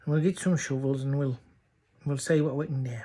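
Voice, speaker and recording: A man's voice: mid-range voice, steady tone, fairly quick, warm tone, lightly acted. A man with a North Yorkshire accent voicing a kindly neighbouring farmer who coaxes and soothes. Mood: reassuring. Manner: soothing, coaxing.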